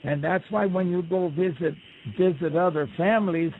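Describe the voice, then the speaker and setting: A man's voice: high-pitched, moderate pace, slight background noise. A man, a radio show guest, telling a folk tale in a loose, rambling way with asides. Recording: tinny phone line on radio.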